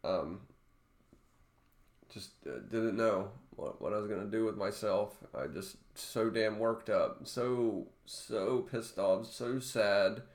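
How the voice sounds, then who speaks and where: Emotional man, halting, in an echoey room. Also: lowish voice. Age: adult father. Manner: halting, emotional, many restarts. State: emotional, close to tears. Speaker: vlogger. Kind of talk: emotional personal vlog.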